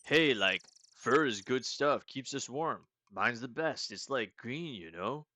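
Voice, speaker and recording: A man's voice: medium pitch, animated, takes it slowly, pushed and bright, slight background noise, voice pushed up. A man doing a spacey stoner meep creature. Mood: mellow, friendly. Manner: drawling, peppers speech with "like" and "you know". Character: laid-back stoner hippie meep, small furry burrow creature.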